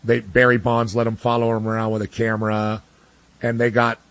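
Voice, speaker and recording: A man's voice: lowish voice, monotone, fairly quick, a bit bright, dry recording. A man giving blunt, ranting sports opinions in casual talk, full of restarts and fillers. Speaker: sports commentator guest.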